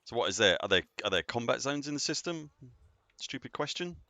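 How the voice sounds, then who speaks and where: A man's voice: medium pitch, very animated, brisk, sharp tone. A man casually chatting while live-streaming a game, rambling and answering viewers as he plays.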